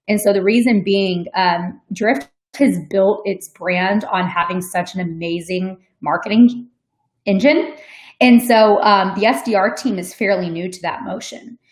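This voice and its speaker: A woman fields audience questions during an online webinar, speaking in a relaxed, conversational way with plenty of ums and likes. Her voice sits at an ordinary middle pitch. The sound is roomy, with a clear echo around her. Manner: conversational, frequent "um" and "like", laughs easily. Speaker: sales development manager on a webinar. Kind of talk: webinar Q&A, casual explanation. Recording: echoey room.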